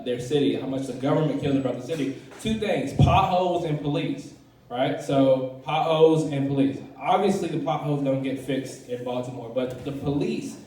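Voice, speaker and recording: A young man from D.C. works through a stand-up set at an open mic, rambling and profane. His mellow voice carries from across a boomy room with heavy echo. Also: far from the mic. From Southeast Washington, D.C. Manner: rambling, profane, many fillers and restarts. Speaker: first-time stand-up comedian. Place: comedy club stage, open mic. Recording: very echoey room, voice from afar.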